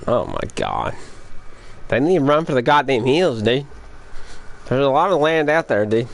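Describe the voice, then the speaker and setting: A man's voice: mid-range voice, sing-song, moderate pace, vocal fry. A young man, rambling and swearing as he talks straight to his live-stream chat during a game. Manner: rambling, profane, addresses chat directly.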